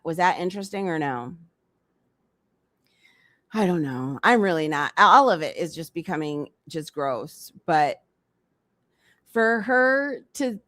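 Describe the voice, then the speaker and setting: A woman's voice: fairly low pitch, a bit bright, dry recording, studio quality. A woman hosting a casual commentary livestream, talking bluntly and repeating her points for emphasis.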